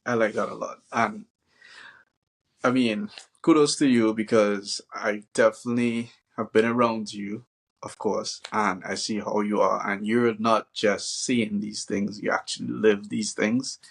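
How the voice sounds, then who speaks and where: A man hosting a casual interview, laid-back and slangy, warmly enthusiastic about his guest's advice. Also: on the low side, fairly even intonation, measured pace, gravelly. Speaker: podcast host.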